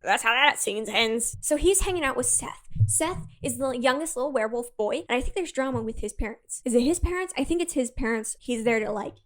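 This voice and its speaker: A young woman recapping a book in a chatty, sarcastic video essay, full of quick asides. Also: a little high, animated, a bit bright. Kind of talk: casual book recap commentary.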